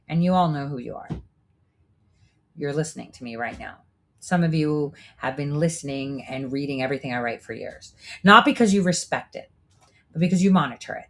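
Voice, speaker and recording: Low-voiced preachy woman host. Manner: preachy, profane, rhetorical "right?" asides. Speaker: show host. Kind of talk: monologue commentary.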